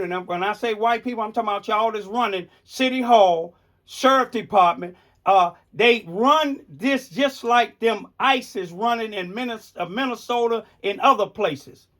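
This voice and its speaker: A man's voice: extremely high pitch, fairly bright tone, no room sound. An older man, hosting an angry livestream rant, indignant and preaching, repeatedly asking if listeners see what he means. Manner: indignant, repetitive, preaching, keeps asking "you see what I'm saying". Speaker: livestream host.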